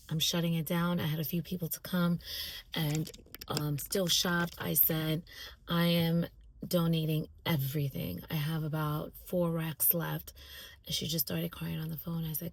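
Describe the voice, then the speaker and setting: A woman's voice: lowish voice, dry recording. A middle-aged woman sharing a heartfelt personal testimony in a casual vlog, talking from a car. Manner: earnest, heartfelt, faith-filled storytelling. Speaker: vlogger. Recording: loud car road noise.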